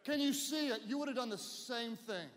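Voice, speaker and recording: High-voiced animated male preacher. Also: normal speed. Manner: animated, leads call-and-response. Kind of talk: sermon. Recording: long hall reverb.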